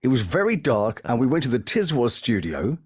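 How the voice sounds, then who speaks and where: A man, a voice actor, telling lively anecdotes in an interview and slipping into impressions as he talks. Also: mid-range voice, fairly quick, breathy edge, dry recording, clean studio sound. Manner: animated, breaks into impressions mid-story. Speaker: voice actor guest. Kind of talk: anecdotal storytelling.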